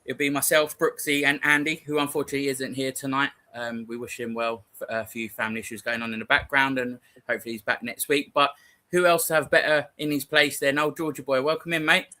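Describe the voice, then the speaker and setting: Bright fast-talking male podcast host. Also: medium pitch, level tone. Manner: chatty, welcoming, jokey. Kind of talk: casual football fan chat.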